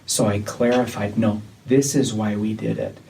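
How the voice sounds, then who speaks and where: A man leading a church disciplinary meeting, talking in a measured, insistent way that often repeats itself. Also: on the low side, little pitch movement, gravelly, dark tone. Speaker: church leader. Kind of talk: tense meeting conversation. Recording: distant mic with faint noise.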